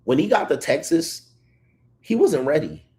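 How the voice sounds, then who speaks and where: A man hosting a casual livestream, reading chat comments and telling stories in an animated way. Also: fairly high pitch, a little slow. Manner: animated storytelling, reads chat comments aloud. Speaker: livestream host.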